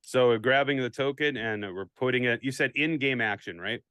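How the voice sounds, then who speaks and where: An easygoing man with a Minnesota accent works through a board game's rules, often restarting his sentences. His voice is smooth and clear. The sound is dry and close, with no room echo. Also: medium pitch, fairly quick, sharp tone. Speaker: player learning the game. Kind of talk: casual online game stream.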